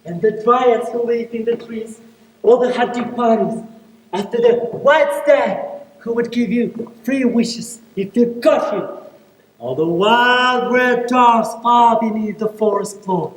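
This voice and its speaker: A man's voice: extremely high pitch, a little slow. A man playing a remorseful, tearful male faun in a stage play, talking wistfully and pleadingly. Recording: echoey stage hall from far off.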